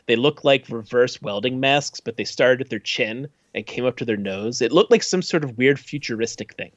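Animated man telling a story, dull recording. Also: mid-range voice, normal speed, dry recording. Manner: animated, laughing, mimics people he quotes. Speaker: storyteller on a chat podcast. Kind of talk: casual storytelling.

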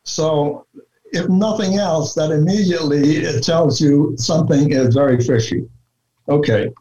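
A man talking through his research in a relaxed interview, deliberate and full of fillers and restarts. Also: fairly high pitch, slight background noise. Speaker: researcher guest. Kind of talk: conversational interview talk. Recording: dull lo-fi sound.

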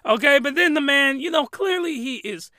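A man's voice: very high voice, lively intonation, moderate pace, bright, forceful tone, no echo, studio quality. A man giving a crude, rambling and exasperated comedic recap of an anime. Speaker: anime reviewer.

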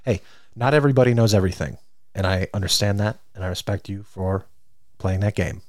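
Podcast co-host, male, lowish voice, teasing and playful, dry close sound. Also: a little fast, dry recording. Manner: teasing, playful, laughs often. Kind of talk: casual chat.

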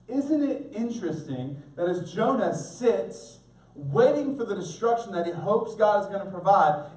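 A man preaching a sermon as pastor, animated, acting out voices for humor. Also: high voice. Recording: echoey room, voice from a distance.

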